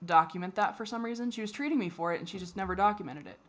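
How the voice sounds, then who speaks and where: A woman giving a candid personal monologue for her vlog, halting and frustrated, with many restarts and fillers and the odd swear. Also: mid-range voice. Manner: swears when exasperated. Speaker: vlogger.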